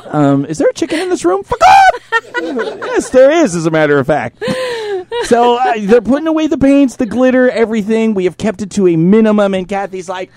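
A man co-hosting a podcast, chatting casually in front of a live studio audience, profane and quick to shout and laugh. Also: sits high, lively intonation. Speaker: podcast co-host. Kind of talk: casual comedic chat.

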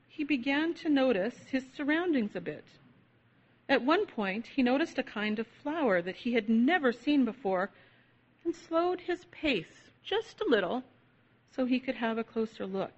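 A woman reads a children's story aloud in a gentle, soothing way. Her voice sits fairly high. The recording sounds a little dull and lo-fi.

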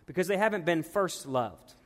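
A man's voice: a little high, expressive, normal speed, in a large hall. A man in his thirties preaching a sermon in a church, conversational and emphatic, repeating his points.

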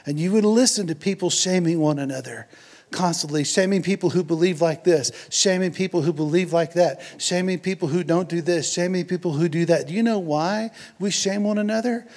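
A man's voice: sits high, a little fast, darkish tone. A man preaching a sermon in an earnest, conversational way, with jokes and asides to the congregation. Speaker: pastor.

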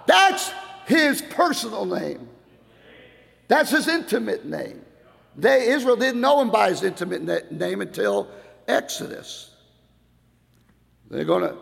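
A middle-aged man, a pastor, preaching an old-time Baptist sermon in a church, going from quiet talk to loud shouted passages. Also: fairly high pitch, creaky. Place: church hall. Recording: long hall reverb.

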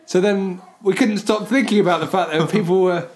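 A man's voice: sits high, steady tone, brisk, a little mellow. Jokey man on a podcast. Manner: playful, jokey, slips into silly voices. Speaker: podcast co-host. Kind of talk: casual comedic chat.

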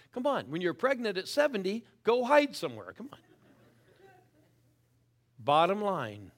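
Middle-aged guy preaching, gets loud then drops to near whisper, keeps egging the crowd on. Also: on the high side, gravelly. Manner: animated, swings from loud calls to quiet intense asides; urges the crowd to respond. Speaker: guest preacher. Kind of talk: sermon.

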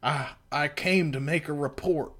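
A man's voice: fairly high pitch, a little slow, fairly bright tone. A man putting on a grumbling cowboy gunman drawl.

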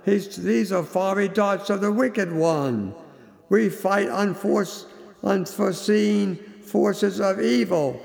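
A man's voice: high-pitched, slow, creaky, a little mellow, pitched above the performer's own voice, heavily acted. A man voicing an earnest male pastor who insistently reassures a frightened believer, in a raised, pressing tone. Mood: urgent. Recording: long hall reverb.

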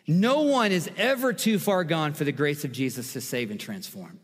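A man's voice: fairly high pitch, lively intonation, moderate pace, hardly any pauses, big-room sound. A man preaching a sermon as pastor, emphatic and repetitive, building intensity through lists of words.

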